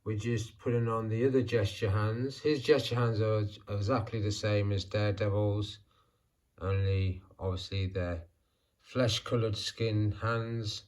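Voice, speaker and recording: A man in middle age hosts a hobby vlog, narrating as he poses figures. His voice sits a little low and he talks slowly, as if musing aloud to himself. The delivery stays calm and unhurried. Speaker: toy figure channel host. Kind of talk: casual vlog narration while posing figures.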